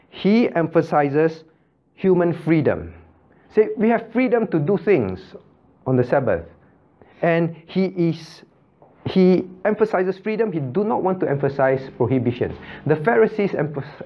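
Brief: male pastor leading a Bible class, animated pitch, muffled lo-fi sound, quizzes students by name. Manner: calls on students by name, repeats points with checking questions. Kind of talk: Bible study teaching with questions to the class.

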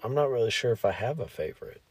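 A man co-hosting a podcast in casual chat, low-key and dryly self-deprecating. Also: expressive, fast talker, breathy edge. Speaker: podcast co-host. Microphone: studio microphone.

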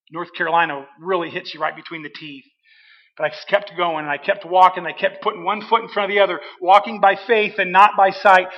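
A man, a preacher giving a sermon testimony, telling his story with dramatic pauses and emphasis. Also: high voice. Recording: dull reverberant hall.

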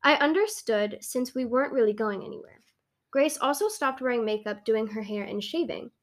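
A woman's voice: a little high, moderate pace. A young woman co-hosting a casual podcast, reading posts aloud with a playful, giggly manner. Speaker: podcast co-host.

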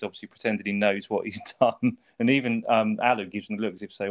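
A man's voice: fairly low pitch, fairly even intonation, quick pace, hardly any pauses. A man, chatting casually as a podcast co-host, swearing and laughing often. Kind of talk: casual chat.

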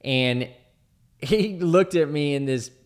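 A man's voice: fairly high pitch, takes it slowly. A man who once led a military team, telling a personal war story casually and rambling with lots of fillers. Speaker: former team leader in the military.

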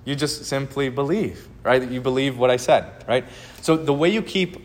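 Conversational pastor preaching in a reverberant hall. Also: male voice, medium pitch. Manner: conversational, animated, with filled pauses. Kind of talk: sermon. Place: church sanctuary.

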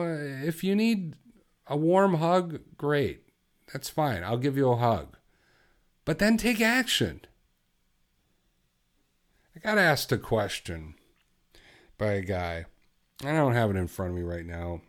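Man, podcast host, unhurried delivery, blunt, fervent, exhorting listeners. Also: medium pitch. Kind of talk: impassioned solo podcast talk.

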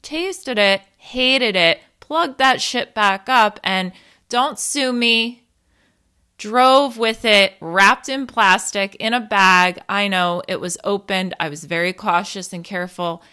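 Thirtysomething woman telling stories, bright voice, takes her time, swears, laughs at herself. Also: mid-range voice, takes it slowly, clean tone. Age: 30s. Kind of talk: casual storytelling monologue.

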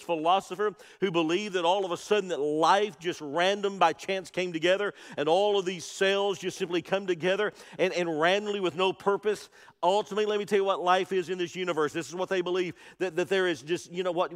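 A man's voice: high voice, in a large hall. A male pastor preaching an Easter sermon, with rising and falling emphasis and calls out to the congregation. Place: church sanctuary.

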